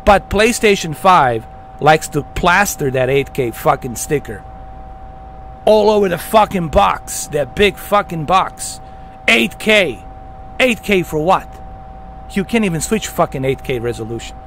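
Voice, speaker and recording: A man's voice: fairly high pitch, animated, unhurried, fairly bright tone, soft background music. A man hosting a gaming channel, delivering a heated, profanity-filled rant with emphatic repetition.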